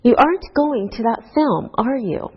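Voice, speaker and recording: A woman teaching an English grammar lesson to a class, speaking slowly and deliberately through example sentences. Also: a little high, expressive, breathy edge. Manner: slow, deliberate teacher talk with rising and falling example tags. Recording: dull lo-fi course recording.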